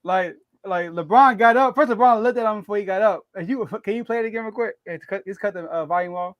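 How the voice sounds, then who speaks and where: A man co-hosting a sports podcast, arguing his take in a casual, animated way, laughing often and repeating words as he thinks aloud. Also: sits high, fast talker, no room sound.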